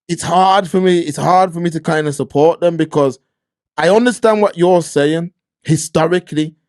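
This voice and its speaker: A man co-hosts, chiming in and agreeing before making his own points. His voice sits fairly high and sounds close and dry. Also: moderate pace, a little mellow, dry recording. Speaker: co-host. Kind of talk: heated opinion chat.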